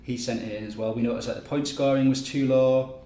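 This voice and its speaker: A man's voice: mid-range voice, steady tone, fast talker, warm tone. Chatty man in an echoey room. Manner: loose, chatty, lots of ums and restarts. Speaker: game live stream host. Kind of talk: casual live-stream event rundown. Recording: echoey room with faint noise.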